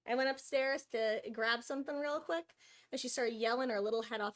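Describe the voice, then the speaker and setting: A woman's voice: high voice, animated, fairly quick, a bit bright. A woman streaming live, chatting casually and cooing over her cat between game talk.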